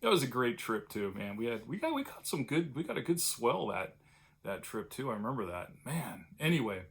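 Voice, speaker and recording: An older man from California, talking straight to his own camera in a loose, digressive way, full of fillers and restarts. His voice sits at an everyday middle pitch, and he turns wistful and tender when he recalls friends he has lost. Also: very animated, a little fast, creaky, a bit bright. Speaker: vlogger. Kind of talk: casual reminiscing monologue.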